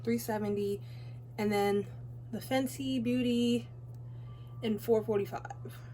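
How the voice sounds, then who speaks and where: Her voice is fairly high, steady and mellow, and she talks slowly though out of breath. The teenage beauty vlogger rambles casually as she does her makeup, dropping in asides, at home beside a window with slight background noise.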